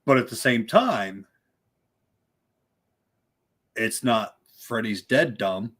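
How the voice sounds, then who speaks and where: A man's voice: lowish voice, animated, takes it slowly, fairly bright tone. A man co-hosting a casual horror movie livestream, rambling with repeated words and lots of "dude" and "like". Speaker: livestream co-host.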